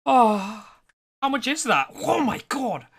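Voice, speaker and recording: Excitable male game streamer. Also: very high voice, takes it slowly, gravelly, breathy edge. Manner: excitable, swears, talks to chat as "bro". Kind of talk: live gameplay commentary to chat.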